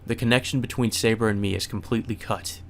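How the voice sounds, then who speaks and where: A man's voice: lowish voice, steady tone, fast talker, creaky, soft background music. A man hosting a let's play, reading a visual novel's narration aloud and breaking in with casual swearing asides.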